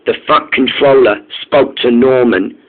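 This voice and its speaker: A man's voice: mid-range voice, measured pace. A man narrating a toy-train story in an informal, eager way. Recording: tinny phone-like sound.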